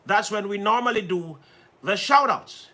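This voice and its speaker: A man's voice: high voice, moderate pace, bright, forceful tone. A man hosting a livestream in playful, casual chat, repeating himself and laughing often. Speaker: livestream host.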